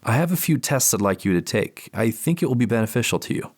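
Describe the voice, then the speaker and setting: A man voicing a therapist who speaks in a deliberate, measured way. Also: mid-range voice, animated, husky, voice pushed up. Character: calm measured therapist, gender unstated.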